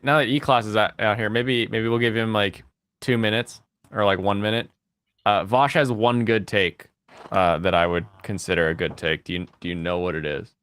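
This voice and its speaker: A man's voice: on the low side, fairly bright tone, clear, resonant tone, no echo. A man hosting a casual livestream chat, rambling and laughing as he thinks aloud. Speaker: host.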